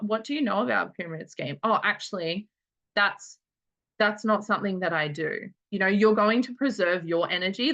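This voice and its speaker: Team leader, female, bright crisp tone, chatty and fast, dull lo-fi recording. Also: mid-range voice. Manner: chatty, quick, peppered with filler words. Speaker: network marketing team leader. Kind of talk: casual team meeting talk.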